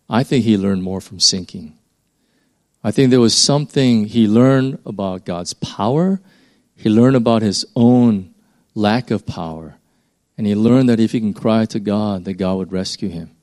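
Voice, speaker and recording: A man's voice: medium pitch, expressive, normal speed, vocal fry, a little mellow. Man preaching a rambling, conversational sermon. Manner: informal, rambling, emphatic rises.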